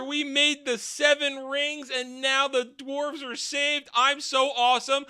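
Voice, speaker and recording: Here is a smug male elf craftsman, pompous and bragging in a raised, bright voice, as a man puts him on. He sounds delighted with himself. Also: very high voice, clean tone, pitched above the performer's own voice, full character voice. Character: boastful, self-satisfied male elf smith.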